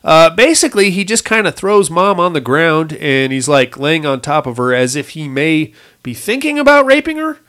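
A man chatting loosely about a movie, slipping into voices for each character as he retells the scenes. His voice sits a touch higher than most men's. The tone stays casual and crude throughout. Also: moderate pace, smooth. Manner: animated retelling, acts out characters' lines in shifting voices. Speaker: podcast co-host recapping a movie. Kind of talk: casual profane chat.

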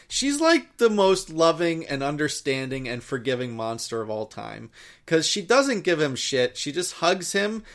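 Profane, animated man retelling a story. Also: a little high, unhurried. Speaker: podcast co-host recapping a story. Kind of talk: casual chat.

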